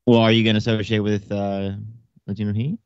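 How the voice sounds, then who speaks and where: A man's voice: fairly low pitch, little pitch movement, fairly quick, smooth, no room sound, highs cut off. A man hosting a casual livestream show, talking bluntly and emphatically with plenty of swearing. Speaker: show host.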